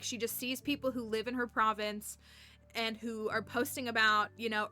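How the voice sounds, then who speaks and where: A woman's voice: mid-range voice, bright, forceful tone. A woman streamer in casual, rambling chat while she plays a game, talking with fillers and laughing often. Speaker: livestreamer.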